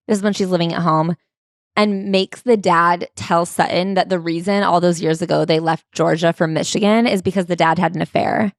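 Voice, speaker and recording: A woman's voice: lowish voice, no echo, studio quality. Woman co-host summarizing a memoir. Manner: brisk, summarizing, wry. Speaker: podcast co-host. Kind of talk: casual book club chat.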